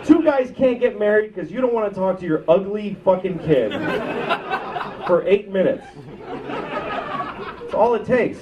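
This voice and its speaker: A man in his thirties doing live stand-up, profane and ranting, swinging from loud outbursts to low muttered asides. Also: animated, unhurried, long pauses. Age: 30s. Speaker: stand-up comedian. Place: comedy club stage. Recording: muffled bootleg recording from a distance with loud crowd noise. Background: audience laughter.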